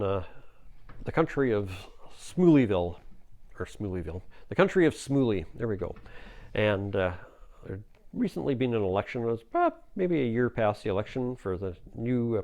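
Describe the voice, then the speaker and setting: A man with a gravelly voice tells a story in a loose, folksy way. He rambles a little, with fillers and slips along the way. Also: fairly low pitch, warm tone. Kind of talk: casual spoken storytelling.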